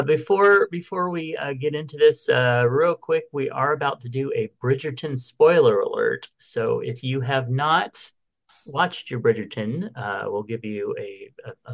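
A man's voice: medium pitch, vocal fry, a bit bright. Casual male co-host, rambling and jokey, stumbles over names, slightly muffled lo-fi sound. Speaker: podcast co-host reading entertainment news. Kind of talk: casual chat.

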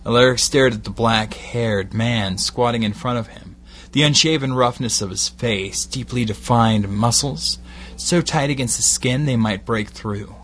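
Slow Glaswegian man reading a story. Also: mid-range voice, fairly bright tone. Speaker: narrator.

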